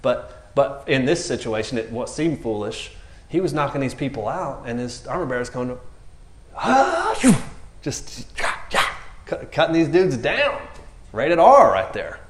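Animated, jokey man preaching in an echoey room. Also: medium pitch, unhurried. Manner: animated, jokey, acts out characters with raised voices. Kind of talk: casual sermon.

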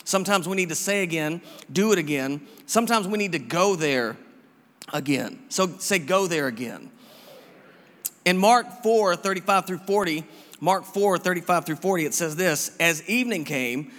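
Pastor preaching in a reverberant hall. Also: male voice, high-pitched, animated, moderate pace, a bit bright. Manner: casual, repetitive, encouraging preaching with many restarts. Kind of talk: sermon.

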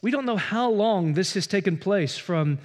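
Earnest pastor preaching, higher-pitched man. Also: lively intonation, normal speed. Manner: earnest, swings from loud to hushed. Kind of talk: sermon. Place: church.

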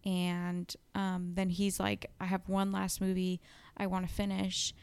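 A young woman talks casually as a podcast co-host, rambling through plot summaries with plenty of "like" and "um". Her voice is smooth and clear, with a mid pitch, recorded close and dry with no room sound. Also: monotone, a little slow, a little mellow, no echo. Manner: chatty, lots of "like" and "um", retelling book plots. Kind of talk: casual chat.

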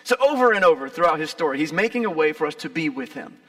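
A man preaching a casual, conversational sermon, swinging between loud emphasis and soft asides. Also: on the high side, expressive, quick pace. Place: gym used as a church.

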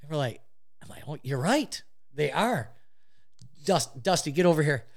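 A man telling a funny story in casual chat, animated and laughing often as he goes. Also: fairly high pitch, moderate pace, vocal fry.

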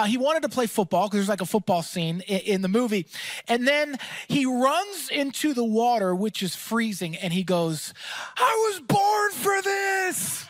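Energetic pastor preaching, dry sound. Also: male voice, sits high, no echo. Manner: energetic, emphatic preaching with fillers. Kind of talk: sermon.

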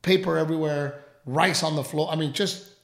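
A radio host telling a story in casual chat, rambling and animated, with plenty of fillers. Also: male voice, on the high side, normal speed, creaky, roomy sound.

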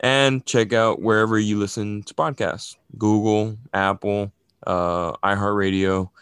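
A man co-hosting a casual movie review podcast, joking and relaxed with plenty of fillers. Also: fairly low pitch, unhurried, clean tone, no echo. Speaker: podcast co-host.

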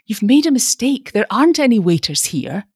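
A fresh, breathless young woman, eager and bright, as a woman reading a storybook voices her. Her pitch moves lively, and the recording is close and dry. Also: normal speed, slightly rough, no room sound, full character voice.

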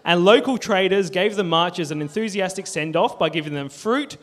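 A man's voice: high-pitched, fairly quick. An Australian man hosting a casual podcast, reading out a history story and laughing often. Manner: laughs often, reads quotes aloud. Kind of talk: casual banter while reading history notes.

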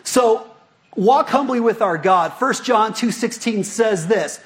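Taking his time, a pastor with a high, slightly rough voice addresses his congregation. The sermon is animated and conversational, full of rhetorical questions.

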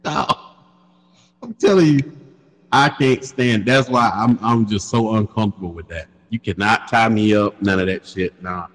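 A man telling a crude story in casual chat, laughing often and animated. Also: lowish voice, moderate pace, long reverb tail, poor audio.

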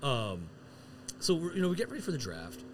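Animated, fast-talking man on a podcast. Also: mid-range voice, a little hiss or hum. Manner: animated, rambling with many restarts. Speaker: podcast co-host. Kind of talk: casual chat.

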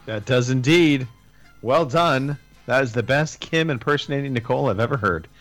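A man's voice: medium pitch, normal speed, a bit bright, soft background music. A man hosting a gaming podcast in casual chat, dry and teasing as he moves the show along. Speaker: podcast host.

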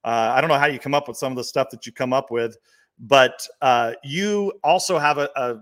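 A man's voice: mid-range voice, fairly quick, fairly bright tone. Upbeat male talk-show host. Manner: upbeat, teasing, steers the questions. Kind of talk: hosting a political talk show.

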